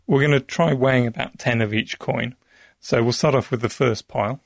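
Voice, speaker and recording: A man's voice: medium pitch, fairly even intonation, moderate pace, vocal fry, dry recording, clean studio sound. A man, a science expert guest, patiently explaining an experiment step by step.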